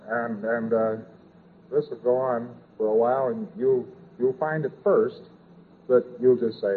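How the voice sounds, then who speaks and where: A man's voice: mid-range voice, measured pace, slight background noise. A man giving an informal lecture, rambling and repetitive, dropping in sound effects and asides. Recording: tinny old lecture tape.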